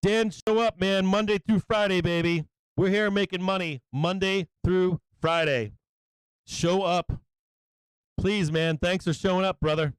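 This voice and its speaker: An excitable man hosts a live stream, calling out viewers one by one with loose, profane enthusiasm and a catch of emotion in his voice. His voice sits high and comes through smooth and clear. The sound is dry and close, with no room around it. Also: measured pace, dry recording. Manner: excited, swearing, greeting viewers by name. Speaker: livestream host. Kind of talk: casual live-stream shout-outs.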